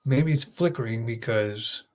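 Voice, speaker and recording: A man's voice: mid-range voice, a little slow. A young man hosting his channel, telling an emotional story in a rambling casual way. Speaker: host. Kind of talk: casual chat.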